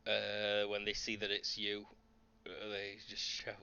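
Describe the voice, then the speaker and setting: A man with a low, bright, forceful voice runs a tabletop game as game master, narrating calmly. The sound is a little dull and lo-fi. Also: unhurried, creaky, clear, resonant tone.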